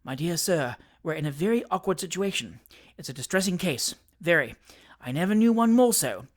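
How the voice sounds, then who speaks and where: Heard first is a fussy little attorney who keeps soothing and wheedling, as a reader puts him on for an audiobook. His pitch swoops up and down with lively ease. He is an ingratiating, bustling man of the law. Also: normal speed, close to an everyday voice. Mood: coaxing. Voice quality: soothing, wheedling, keeps repeating "my dear sir". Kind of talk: audiobook character reading.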